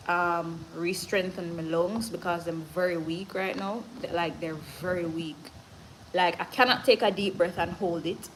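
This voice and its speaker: A woman's voice: on the low side, fairly bright tone, a little hiss or hum, low-quality recording. Earnest Jamaican woman, short of breath. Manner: earnest and motivational, switching between patois and standard English. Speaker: livestream host reading viewer comments. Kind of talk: casual live-stream chat.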